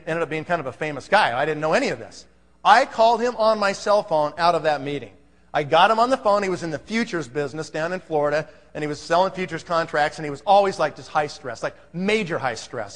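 Guy up front at a seminar telling a story, pretty high voice, emphatic, keeps saying okay, big echoey hall. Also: fairly bright tone. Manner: emphatic, conversational, frequent "okay?" check-ins. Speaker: presenter at a business seminar. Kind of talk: storytelling presentation to a live audience.

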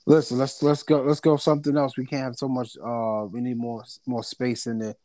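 A man's voice: mid-range voice, flat delivery, a little fast, warm tone, no echo. A man co-hosting a casual sports talk show, playful and teasing, trailing off while he looks things up. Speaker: podcast co-host.

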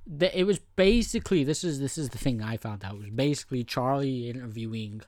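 A man's voice: medium pitch, lively intonation, darkish tone, no echo. Rambling, foul-mouthed man podcaster. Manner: rambling, swears freely, mimics people in quick asides. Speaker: podcast host. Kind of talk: casual wrestling review podcast.

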